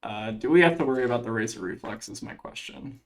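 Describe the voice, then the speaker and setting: A fast-talking man with a gravelly, mid-range voice commentates his own card game match. The commentary is casual, with him thinking aloud as he weighs each play and using many fillers.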